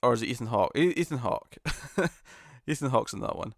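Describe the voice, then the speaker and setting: A man hosts a live stream and reads out viewer comments in a relaxed, conversational way. He pokes fun at himself and laughs easily. His voice sits at an ordinary middle pitch, recorded close and dry. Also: a little fast, vocal fry, no echo. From United Kingdom. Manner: chatty, self-deprecating, laughs often. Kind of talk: casual live chat reading viewer comments.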